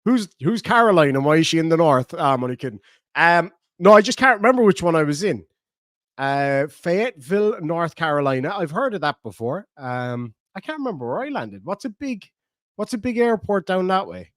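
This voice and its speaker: A man's voice: on the high side, very animated, a little fast, a bit bright, no room sound. Chatty Irish man, dry close sound. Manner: rambling, jokey, chatty. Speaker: livestream host. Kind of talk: casual chat reading live comments.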